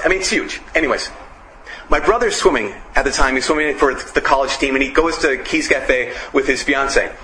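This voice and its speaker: A man preaching a casual, story-filled sermon, animated and emphatic with punchy repetition. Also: medium pitch, roomy sound, slight background noise, poor audio.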